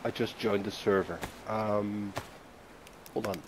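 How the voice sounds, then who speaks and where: A man's voice: fairly low pitch, flat delivery, slow pace. Friendly Dutch-accented man on voice chat. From Netherlands, South Holland. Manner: hesitant, friendly, laughs often. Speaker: fellow player in voice chat. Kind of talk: casual chat. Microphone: push-to-talk game voice chat.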